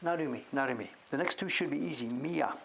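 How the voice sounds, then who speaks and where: A man hosting a casual show-and-tell, thinking aloud as he sounds out names, sometimes dropping to a whisper and breaking into excited praise. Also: fairly high pitch, fast talker, creaky, a little hiss or hum. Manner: drops to whispers now and then. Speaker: host.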